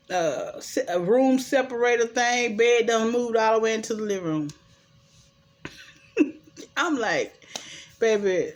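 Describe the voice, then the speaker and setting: A woman, chattily recapping a TV drama episode and acting out the characters' lines. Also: a little high. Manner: chatty, animated retelling with quoted dialogue and opinions. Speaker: show recap host.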